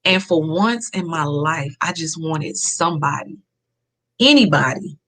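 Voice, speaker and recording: A woman's voice: low-pitched, expressive, unhurried, a bit bright. A woman, a podcast guest telling a personal story in an earnest, emphatic way and repeating key phrases.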